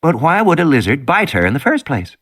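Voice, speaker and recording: A man's voice: a little high, huge pitch swings, a little fast, a bit bright, pitched above the performer's own voice, heavily acted. A man voicing an anxious mother asking worried questions in an audiobook. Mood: uneasy. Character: uneasy American mother, worried for child.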